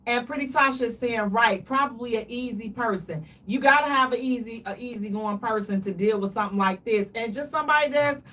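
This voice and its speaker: Woman, radio co-host, high voice, slightly distant mic, animated casual chat. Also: brisk, hardly any pauses. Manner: animated, dramatic storytelling with playful exaggeration.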